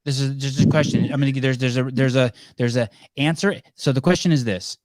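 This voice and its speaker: A man's voice: mid-range voice, brisk, darkish tone, no room sound, clean studio sound. A man hosting a live call-in podcast, joking and teasing callers in casual, rambling banter. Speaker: podcast host.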